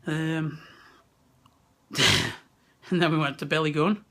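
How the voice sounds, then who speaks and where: At a wrestling venue, a young West Midlands vlogger talks casually into a handheld camera at arm's length, laughing and cursing freely. His voice is a little high and steady, and he speaks slowly.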